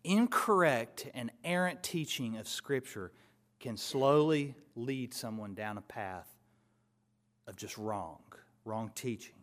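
A man preaching a sermon, expounding scripture and building to loud, emphatic contrasts before dropping back down. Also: mid-range voice, slow.

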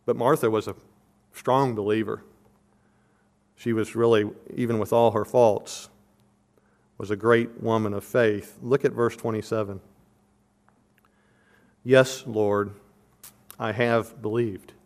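A man's voice: fairly low pitch, level tone, unhurried, long pauses, a little mellow. A man giving an expository sermon, earnest and emphatic, repeating his questions for stress and explaining verses and verb tenses like a teacher. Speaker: preacher.

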